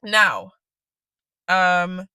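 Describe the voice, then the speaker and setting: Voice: medium pitch, big pitch swings, very slow, sharp tone, clean tone, dry recording. A young adult telling a casual, rambling storytime rant, swearing freely and laughing often. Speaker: vlogger.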